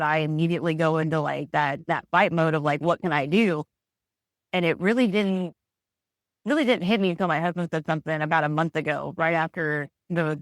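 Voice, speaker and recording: A woman's voice: deep voice, no echo. Candid woman guest, dry sound. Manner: candid, reflective, frequent restarts. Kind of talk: podcast interview.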